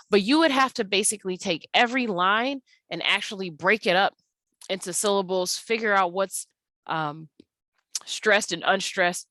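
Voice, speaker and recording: A young adult woman teacher talking through a recorded slide lesson at an unhurried pace, with many ums and uhs. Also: medium pitch, a bit bright, dry recording.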